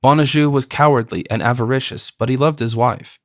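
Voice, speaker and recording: Narrating a classic novel for an audiobook, a man of medium pitch reads from a script in a steady, measured way. The audio is studio quality with no echo.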